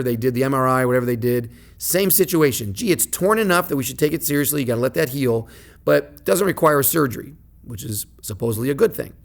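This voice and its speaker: A man in his thirties hosting a podcast, telling a personal story in a casual, animated way. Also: medium pitch. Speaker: podcast host.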